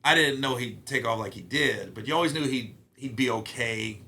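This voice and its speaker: A middle-aged man from Ohio, a guest comedian telling stories in a casual, profane, animated way. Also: mid-range voice, moderate pace, slight background noise. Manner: animated, profane, acts out quotes. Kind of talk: casual storytelling interview.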